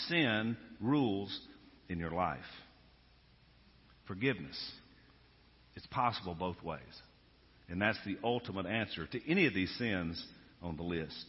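A male pastor preaching a sermon, moving from hushed storytelling to loud, emphatic exhortation. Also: low-pitched, lively intonation, a little slow, long pauses. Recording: dull sound with long hall reverb.

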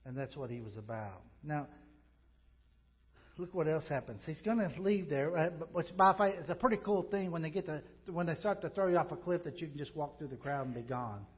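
A man preaching a sermon as pastor, conversational and emphatic, moving from loud emphasis to quiet reflection, with joking asides. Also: fairly high pitch, lively intonation, brisk, lo-fi sound.

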